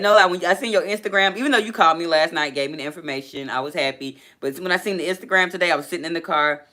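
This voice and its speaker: A woman hosting a casual live stream, chatting as she reads viewer comments and laughing often. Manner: chatty and animated, laughs often, quick pitch jumps. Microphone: laptop.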